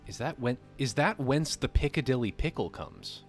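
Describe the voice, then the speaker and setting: A man's voice: mid-range voice, lively intonation, normal speed, faint music behind. A man hosting a live stream, reading a text aloud and breaking off into joking, casually profane asides to his chat. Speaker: livestream host.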